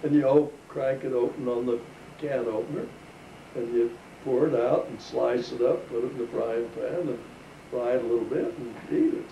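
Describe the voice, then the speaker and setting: A man's voice: mid-range voice, fairly even intonation, normal speed, gravelly, warm tone. An older man telling a chuckling, folksy story from his life to family. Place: living room with family listening. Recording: roomy home recording, distant mic, faint hiss.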